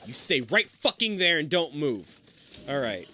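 A man playing a co-op game with a friend, excitable and swearing, swinging between yelling and muttering. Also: a little high, a little slow, slight background noise. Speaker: gamer. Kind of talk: casual co-op game commentary.

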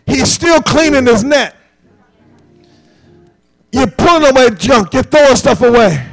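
A man preaching a sermon live in church, getting the congregation to repeat after him and swinging from quiet talk up to shouting. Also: lively intonation, measured pace, gravelly, soft background music, poor audio. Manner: builds to shouting peaks, then drops low. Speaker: pastor. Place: church sanctuary, recorded live.

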